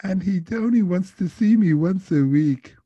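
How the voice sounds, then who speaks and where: Man putting on a young French woman, tipsy and lovesick, high slow pleading voice with a dark tone. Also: animated, breathy edge, no room sound, lo-fi sound. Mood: tearful. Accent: attempted French.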